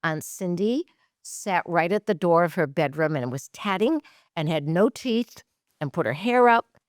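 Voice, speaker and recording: A woman therapist from Massachusetts, a guest in a casual podcast interview. Her voice sits fairly low, and she is animated, laughing often as she tells stories. The recording is dry and close. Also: unhurried, dry recording.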